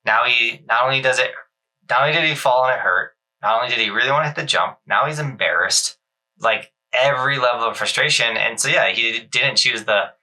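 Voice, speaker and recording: A man co-hosting a podcast, rambling through an animated story with lots of filler words. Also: mid-range voice, brisk, distant mic, low-quality recording. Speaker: podcast co-host. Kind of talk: casual chat.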